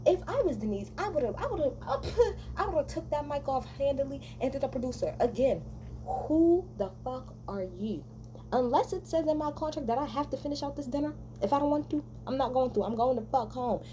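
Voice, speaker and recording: Angry woman vlogger, mellow dark voice, cursing rant, faint hum behind. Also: sits high, lively intonation, fast, few pauses. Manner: profane, heated, sarcastic mimicking. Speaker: reality TV recap vlogger. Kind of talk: angry ranting recap.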